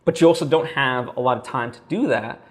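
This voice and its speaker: A man's voice: medium pitch, fairly quick. A man talking straight to camera in a casual vlog, thinking aloud with lots of fillers and restarts. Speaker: vlogger.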